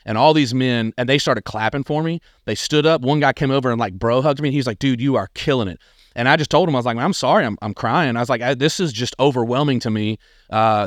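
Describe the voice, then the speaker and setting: A man, telling his own life story on a podcast in an earnest, animated way. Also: mid-range voice, no room sound, studio quality. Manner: earnest, animated, acts out quoted people. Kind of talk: casual personal storytelling.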